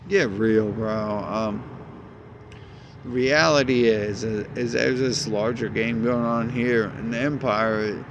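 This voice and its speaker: A man's voice: medium pitch, steady tone, slow pace, dull audio, noisy background. A man in a rambling, agitated monologue, cursing often and jumping between ideas.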